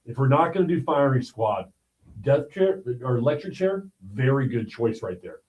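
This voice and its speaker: A man's voice: mid-range voice, sing-song, normal speed, a little mellow, poor audio. A man hosting a livestream, giving blunt, emphatic commentary on the news and often checking in with "all right?". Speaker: livestream host.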